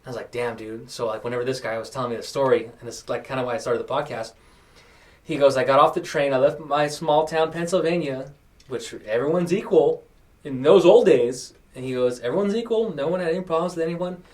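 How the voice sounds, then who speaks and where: A man's voice: mid-range voice, a little fast, darkish tone, far from the mic. Man host telling stories, a bit off-mic. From New Mexico. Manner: storytelling, acts out quoted people. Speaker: podcast host. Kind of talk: casual chat.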